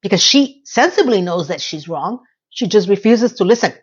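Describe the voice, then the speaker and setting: Woman host for a casual recap, chatty, acts out quotes, mid-pitched, slightly dull lo-fi sound. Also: expressive, moderate pace, slightly rough.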